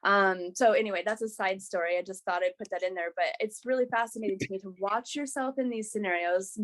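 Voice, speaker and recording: A woman guest on a podcast, sharing a personal story in a candid, animated way with frequent restarts. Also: mid-range voice.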